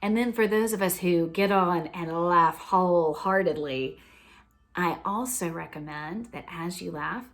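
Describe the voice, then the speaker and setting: Woman, laughter coach, low and gravelly, very slow, gentle, near-whisper at times. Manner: gentle, unhurried, often drops to a near whisper. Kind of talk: instructional talk.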